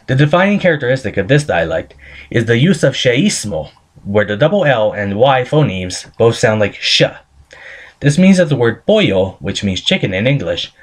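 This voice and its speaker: A man reading a scripted screencast presentation, carefully sounding out pronunciation examples. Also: medium pitch. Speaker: student presenter.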